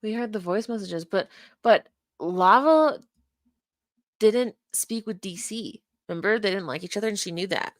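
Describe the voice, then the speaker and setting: A woman's voice: mid-range voice, animated, moderate pace, no echo. A woman casually commenting while watching a past live stream, thinking aloud and unpacking what happened. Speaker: stream reviewer.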